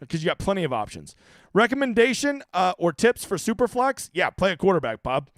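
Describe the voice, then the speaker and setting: Lively, high-pitched man riffing with chat. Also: fast, no echo, clean studio sound. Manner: loose, profane, joking, stammers often. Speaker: fantasy sports stream host. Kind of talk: casual live Q&A answering chat.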